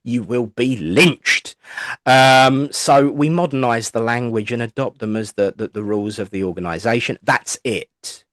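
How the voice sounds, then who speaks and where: A man's voice: medium pitch, unhurried, a bit bright, dry recording, clean studio sound. An English man with a chatty, rambling way of telling stories, a spiritualist minister answering interview questions and acting out the voices of people he quotes. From England. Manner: chatty, rambling anecdotes with playful asides; acts out voices when quoting people. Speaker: guest, spiritualist minister and medium. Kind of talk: interview, storytelling.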